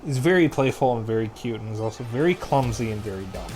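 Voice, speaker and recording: Animated male streamer chatting. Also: mid-range voice, quick pace, faint music behind. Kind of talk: casual gaming chat.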